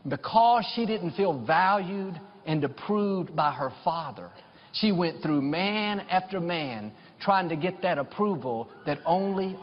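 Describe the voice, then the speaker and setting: A middle-aged male pastor preaching a sermon, telling personal stories and building to fervent declarations of blessing. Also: fairly high pitch. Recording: dull sound with long hall reverb.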